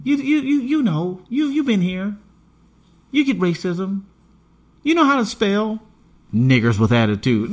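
A man's voice: high voice, slightly rough. Man ranting on a podcast, swings up and down a lot, cursing. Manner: animated, profane, emphatic ranting. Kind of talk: casual podcast chat.

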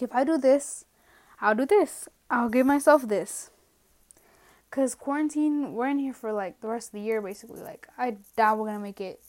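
Alone at home with her podcast mic, a young host rambles through a casual, self-deprecating rant that wanders off into asides. Her voice is slightly high, and she's a little out of breath.

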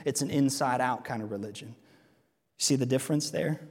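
A man's voice: medium pitch, moderate pace, long reverb tail. A man preaching a sermon in a church sanctuary, earnest and asking the congregation rhetorical questions. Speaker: pastor.

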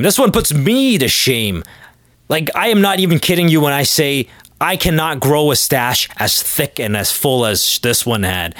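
A man's voice: a little high, fairly bright tone, dry recording, clean studio sound. Sardonic rambling man. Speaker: podcast host. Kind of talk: comedic monologue.

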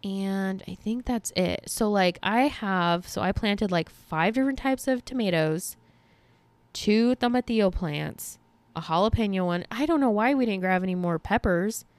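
A woman's voice: mid-range voice, moderate pace, no echo. A young woman hosting a podcast, telling a story in casual chat with lots of fillers and casual swearing. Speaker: podcast host.

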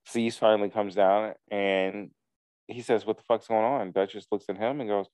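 A man casually recapping a reality show to a co-host, telling the story with lively quoted asides. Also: lowish voice, moderate pace, smooth, dry recording. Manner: animated storytelling with profanity, acts out quotes.

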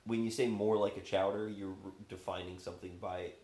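A man's voice: deep voice, steady tone, brisk, darkish tone. A man co-hosting a podcast, asking picky, probing questions in casual chat. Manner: questioning, picky about definitions. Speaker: podcast co-host. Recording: echoey room.

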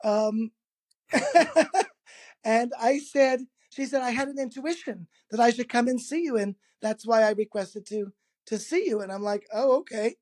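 A man, a guest in an interview, telling a personal anecdote in a lively, casual way, laughing often and acting out the quoted dialogue. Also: very high-pitched, unhurried. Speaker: interview guest, energy healer.

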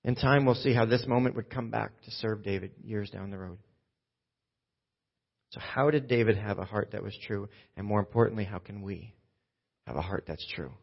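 Husky-voiced man preaching a sermon. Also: lowish voice, normal speed, lo-fi sound. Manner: swings from hushed to loud and urgent. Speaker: pastor.

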